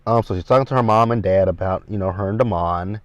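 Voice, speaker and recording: A man's voice: fairly low pitch, fast, no echo. A man in his thirties sitting in a car, recapping a TV episode in a chatty, rambling way and talking straight to his viewers. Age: 30s. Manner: chatty, talks straight to viewers as "you guys". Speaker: TV show recap vlogger. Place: inside a parked car. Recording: dull lo-fi recording, dry.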